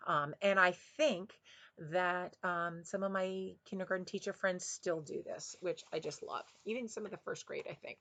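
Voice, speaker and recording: A retired kindergarten teacher who reads picture books chats after a read-aloud, recorded on a headset mic. She rambles in a friendly way with bursts of excitement, her lowish voice moving at a normal speed.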